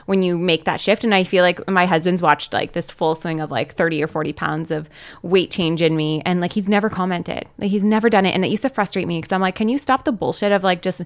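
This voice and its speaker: A woman's voice: on the low side, fairly even intonation, a little fast. A young adult woman talking as a podcast guest, telling heartfelt stories in an emphatic, casual way full of "like". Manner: emphatic, heartfelt storytelling with lots of "like". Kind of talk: casual chat.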